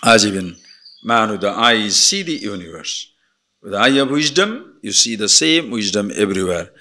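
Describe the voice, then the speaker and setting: An older man giving a spiritual discourse, animated, moving between emphatic declarations and soft murmured asides. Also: on the low side. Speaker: spiritual teacher.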